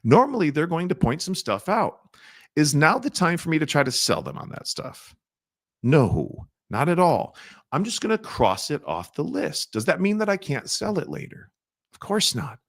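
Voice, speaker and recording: A middle-aged man teaching a sales training, asking his audience questions and acting out soft-spoken sales lines. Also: fairly high pitch, big pitch swings, normal speed.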